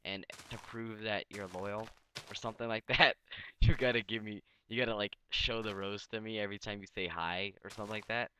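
A young man hosting a casual let's-play, sounding tired and mumbling, then bursting into excited outbursts. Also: fairly low pitch, fairly quick, slight background noise. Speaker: gaming channel host.

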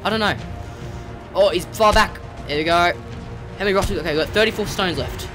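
A young man giving rambling, excitable let's play commentary and yelping at the game creatures. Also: high voice, fast talker, over music. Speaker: gamer.

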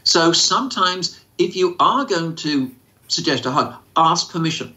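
A man's voice: on the high side, lively intonation, unhurried, bright, forceful tone. A man who answers questions as an autism expert, speaking informally with many fillers and acting out quoted voices. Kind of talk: informal explanatory talk. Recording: slightly dull lo-fi sound.

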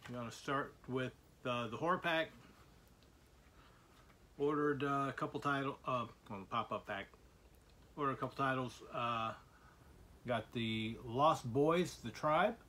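A man showing the movies he bought in a casual vlog, talking in halting bursts full of "uh" fillers and restarts. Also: mid-range voice, pushed and bright. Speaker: collector showing his movie purchases.

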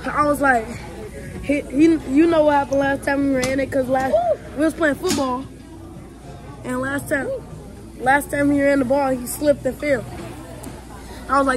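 Young boy, high voice, rambling story outdoors with people around. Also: level tone, moderate pace, long pauses, crowd noise. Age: child.

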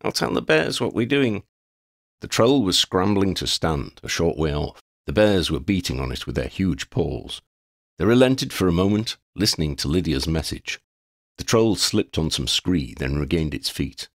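A man reading a fan fiction chapter aloud as an audiobook narrator, with expressive storytelling. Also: very deep voice, normal speed, no echo, studio quality.

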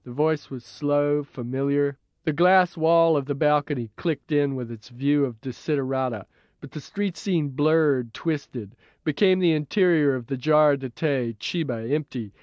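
A man reading his own novel as an audiobook in a measured, even way, heard as dull old tape. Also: on the high side, dry recording. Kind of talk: audiobook narration.

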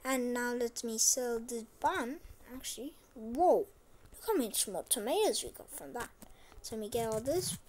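A woman's voice: fairly high pitch, expressive, moderate pace, darkish tone, slight background noise. A woman hosting a gaming channel, chatting casually over a farming game and repeating short phrases to herself. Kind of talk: casual gameplay commentary.

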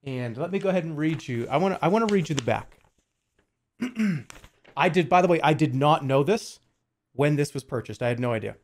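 A man in his forties speaks briskly in a rather high voice. He's casually livestreaming, joking and swearing as he chats with viewers while assembling a puzzle.

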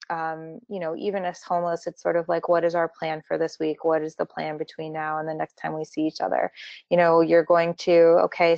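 Woman therapist presenter, flat low delivery, earnest, dull dry webinar audio. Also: creaky, no echo. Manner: earnest, frequent "you know" fillers and restarts. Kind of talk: conversational webinar lecture.

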